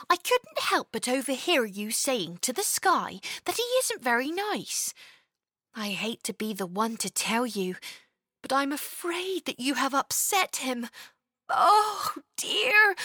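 A woman doing a gentle little fairy. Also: sits high, sing-song, takes it slowly, no room sound, studio quality, heavily acted. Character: gentle tiny fairy, kind and wise.

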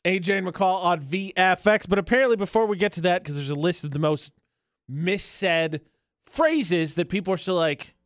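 A man's voice: high voice, normal speed, no echo, clean studio sound. A man co-hosting a radio show, bantering casually and laughing often. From not from Utah.

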